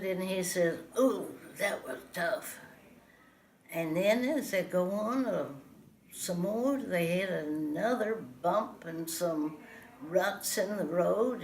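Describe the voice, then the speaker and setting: A woman telling a folksy animal tale, unhurried and pausing often with "uh". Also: fairly low pitch, a little mellow, slight background noise. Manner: unhurried, with many "uh" pauses. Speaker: storyteller. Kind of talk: folksy spoken storytelling.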